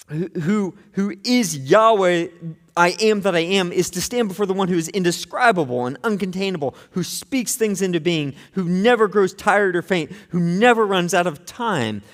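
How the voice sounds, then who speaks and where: With a high voice and the big-room acoustics of a church sanctuary, a male pastor preaches earnestly. He swings between hushed and intense tones, often restarting phrases by repeating words.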